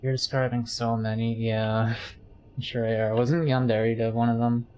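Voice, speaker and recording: A man's voice: mid-range voice, little pitch movement, normal speed, darkish tone, smooth, muffled recording. A man streaming a game, chatting casually in a rambling, jokey way while he reads chat.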